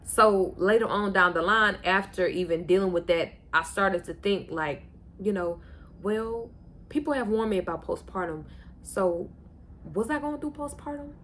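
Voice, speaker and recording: A woman's voice: on the low side, measured pace, a bit bright. A young woman from Houston, telling a personal story in a candid, conversational vlog, talking straight to her viewers. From Houston, Texas. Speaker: vlogger.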